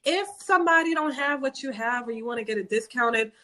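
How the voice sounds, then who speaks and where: A woman's voice: on the high side, a little fast. Blunt New woman ranting. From New York. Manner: blunt, swearing, animated ranting. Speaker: podcast co-host. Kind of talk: casual chat.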